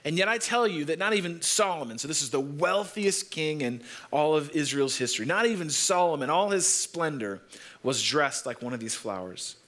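A man preaching a sermon, telling stories and repeating phrases slowly for emphasis. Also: fairly high pitch, animated, a bit bright. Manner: storytelling preacher, leans on repetition and slows down for emphasis. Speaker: pastor.

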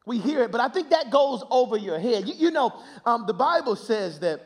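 High-voiced impassioned male preacher. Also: big pitch swings, moderate pace, few pauses. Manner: swings between hushed, near-whispered passages and loud, impassioned shouting; repeats words and restarts phrases in bursts. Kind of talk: sermon.

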